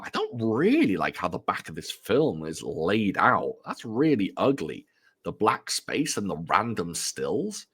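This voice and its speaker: A man's voice: medium pitch, fairly bright tone. A man casually chatting at home about films he has bought, rambling and poking fun at himself. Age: adult. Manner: rambling, chatty, self-deprecating. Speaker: film collector vlogger. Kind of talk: casual chat showing off purchases.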